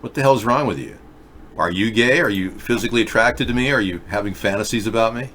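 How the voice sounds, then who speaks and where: A man's voice: lowish voice, lively intonation, fast talker, a bit bright, slight background noise. A man hosting a casual video chat show, rambling through stories and reading viewer comments aloud. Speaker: show host.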